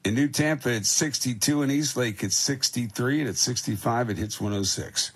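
A man hosting a radio morning show, giving weather, time checks and shout-outs in brisk, jokey DJ patter. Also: mid-range voice, breathy edge. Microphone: studio broadcast mic.

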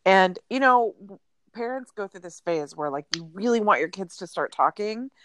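Speaking at a normal pace in a mid-range voice, this podcast co-host, a woman in her thirties, shares lively anecdotes on a laid-back chat show, filling gaps with um and uh. A little hiss or hum sits under the recording.

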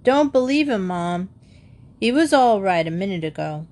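A woman's voice: medium pitch, expressive, measured pace. Woman doing a scornful tattling boy.

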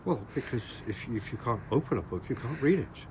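A man putting on a pompous English gentleman with an English accent and a lowered, measured manner. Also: lively intonation, a little hiss or hum, natural voice. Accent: English, put on.

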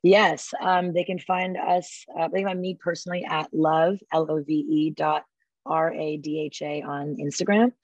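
A woman guest on a podcast interview, talking enthusiastically and acting out quotes with lively energy. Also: sits low, moderate pace, dry recording, highs cut off. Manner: enthusiastic, acts out quotes animatedly. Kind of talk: casual interview talk.

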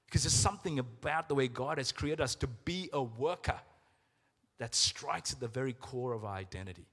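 A middle-aged man preaching a sermon as pastor, earnest and emotional, slowing down for emphasis. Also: mid-range voice, a bit bright, breathy edge. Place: church. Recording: reverberant church hall with music.

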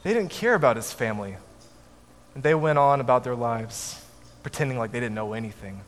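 A man telling a family story to an audience in a measured way, with his voice dropping softly at the ends of lines. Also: medium pitch, expressive. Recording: echoey hall, faint background noise.

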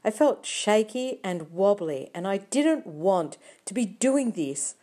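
A woman reading a novel aloud in the first person, with quiet, measured storytelling. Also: on the low side. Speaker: audiobook narrator. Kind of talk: first-person audiobook narration.

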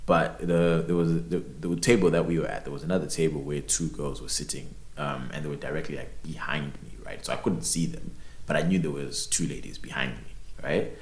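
Laid-back young man, deep voice, roomy. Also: fairly quick. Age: young adult. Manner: animated storyteller, swearing, many repeated words. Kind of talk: casual chat. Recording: roomy echo.

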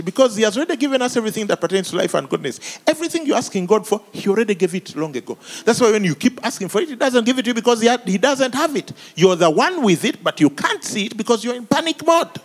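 Male pastor, high and bouncy, playful preaching. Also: fast talker, few pauses. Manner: animated, comic, shifts between shouts and hushed asides. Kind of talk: sermon.

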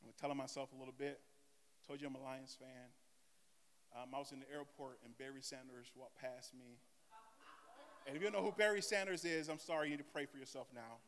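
A male pastor preaching a sermon dramatically, swinging between soft asides and loud cries and calling on the congregation to answer. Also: mid-range voice, steady tone, fairly quick, big-room sound, slight background noise. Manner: call-and-response with the congregation.

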